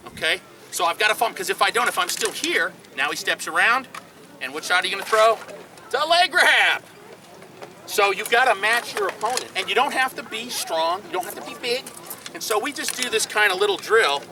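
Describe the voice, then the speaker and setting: A man teaching a hands-on combat class, coaching students through drills with repeated cues and quick asides. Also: high voice. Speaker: combat instructor. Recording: distant camera audio with outdoor noise.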